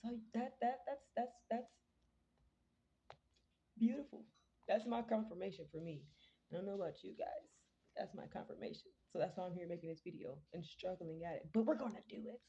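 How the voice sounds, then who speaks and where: A woman reading Bible verses aloud in a casual vlog, slowly and carefully, stumbling over words and chatting about what they mean. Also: fairly low pitch, vocal fry, dark tone, husky. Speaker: vlogger reading scripture. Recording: dull lo-fi sound.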